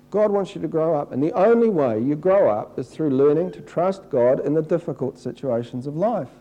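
A middle-aged man preaching a sermon in a conversational way, acting out people's complaints in a higher, whiny voice. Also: dark tone, low-quality recording. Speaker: pastor.

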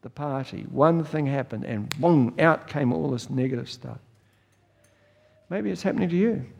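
A man's voice: on the high side, creaky, darkish tone, big-room sound. Chuckling New Zealand man preaching. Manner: folksy storytelling, chuckles often. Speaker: pastor. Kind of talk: sermon.

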